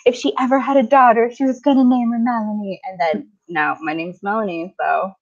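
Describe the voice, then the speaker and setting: A woman from Michigan, co-hosting a live stream and telling stories in a chatty, animated way. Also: on the high side, fairly quick, lo-fi sound. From Michigan, USA. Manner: chatty, animated storytelling with frequent laughs. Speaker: co-host. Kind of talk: casual chat on a live stream.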